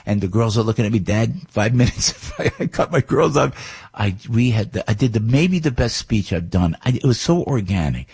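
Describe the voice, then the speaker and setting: Gravelly New Jersey radio host, rambling. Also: male voice, lowish voice, brisk. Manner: rambling storytelling, animated, many restarts. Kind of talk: morning radio monologue.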